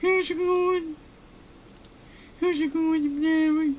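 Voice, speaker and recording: A man putting on the voice of a wild, excitable male scientist, shrill and manic, with halting repeats. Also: dull audio, a little hiss or hum. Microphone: headset.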